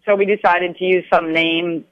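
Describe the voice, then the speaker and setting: A woman, a guest musician calling in to a radio interview, chatty and quick to laugh. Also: fairly low pitch, flat delivery, dry recording. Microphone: phone. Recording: dull, dry phone line.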